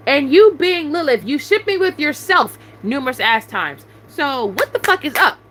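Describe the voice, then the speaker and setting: A young adult woman YouTuber unloads an angry rant on a live stream, swearing heavily as she demands answers again and again. She talks at normal speed in a high, animated, slightly bright voice. Slight background noise accompanies the poor audio.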